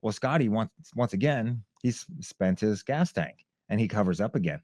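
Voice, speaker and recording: Low-voiced man telling a lively story. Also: normal speed, no echo. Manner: lively storyteller who acts out other people's shouts. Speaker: guest, former fighter. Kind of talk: animated storytelling in a conversation.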